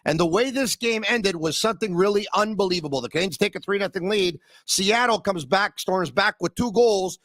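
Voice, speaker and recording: Excitable, bright-voiced hockey podcast host man. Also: normal speed, few pauses, no echo, studio quality. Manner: excitable, sings and shouts bits, big pitch swings. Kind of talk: energetic sports talk.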